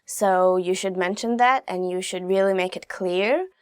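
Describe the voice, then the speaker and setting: A woman's voice: lowish voice, a little slow, smooth, dry recording, studio quality. Chatty young woman teaching phrases. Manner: chatty and informal, with fillers like "like" and "you know". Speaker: language teacher. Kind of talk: casual language lesson.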